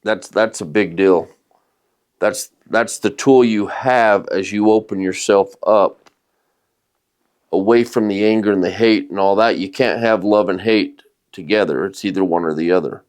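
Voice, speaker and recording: A man's voice: fairly low pitch, measured pace, darkish tone. A man co-hosting a self-help podcast, giving motivational advice straight to his listeners. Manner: coaching, speaks straight to listeners. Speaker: podcast co-host and life coach. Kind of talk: motivational talk.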